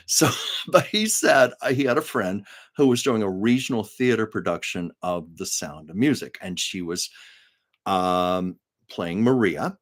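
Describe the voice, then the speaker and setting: A man's voice: on the low side, a bit bright. Chatty older man telling stories. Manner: chatty, laughs often, reads viewer comments aloud. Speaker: livestream host. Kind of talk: casual storytelling chat.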